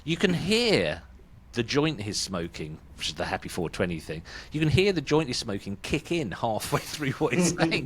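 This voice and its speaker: A man's voice: mid-range voice, very animated, normal speed, few pauses, slight background noise. A British man hosting a music podcast in casual, chatty talk, often laughing. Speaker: podcast host. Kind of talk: casual chat.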